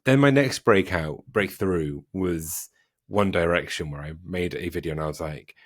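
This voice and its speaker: A man's voice: sits low, moderate pace. A man with a British accent, hosting a podcast and chatting in a casual, self-deprecating way. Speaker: podcast host. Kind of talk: casual conversation.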